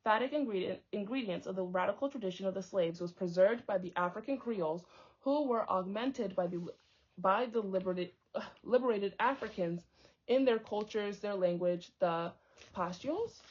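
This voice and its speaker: A woman's voice: mid-range voice, normal speed, a little mellow. A young woman reading a book aloud, stumbling over hard words and breaking off into chatty tangents. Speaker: book reader and commentator. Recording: dull lo-fi audio.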